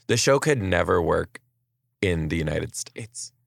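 A man's voice: sits low, animated, unhurried, vocal fry, dry recording, studio quality. A man in his thirties hosting a casual comedy chat, playful and teasing. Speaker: comedian and podcast host.

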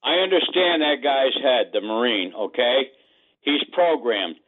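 A man's voice: medium pitch, animated, unhurried, a little hiss or hum. A man in his seventies calling in to a talk show, speaking bluntly in a commanding, drill-sergeant style. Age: 70s. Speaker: caller. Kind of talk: phone-in call. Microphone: telephone. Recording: tinny phone line.

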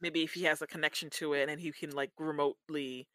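Podcast lady ranting about a show, slangy, bright and dry sounding. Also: deep voice, fast, dry recording. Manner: animated and slangy, with playful exasperation. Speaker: podcast co-host. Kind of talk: casual chat recapping a show.

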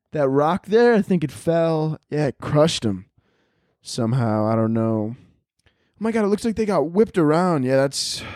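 A man hosting a podcast, riffing in a profane, animated comedic monologue and acting out silly voices. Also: on the high side, no echo, clean studio sound. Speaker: podcast host.

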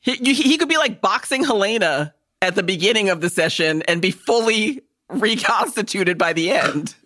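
A woman co-hosting a casual comedy podcast, her bright voice swinging widely up and down. She jokes loudly and profanely, with plenty of animation in every line. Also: mid-range voice, expressive, moderate pace. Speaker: podcast co-host.

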